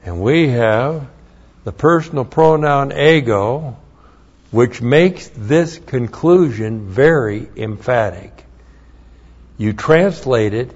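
Slow, emphatic male preacher, lo-fi. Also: medium pitch, lively intonation, a little mellow, breathy edge. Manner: slow, emphatic, repeats key phrases, spells out Greek words. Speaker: pastor. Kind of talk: verse-by-verse Bible teaching sermon. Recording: dull lo-fi sermon recording.

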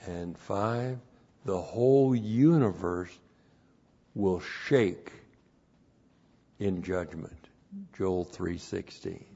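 Slow, deliberate male Bible teacher. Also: deep voice, warm tone, breathy edge, dull audio. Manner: slow, deliberate, emphatic on key words.

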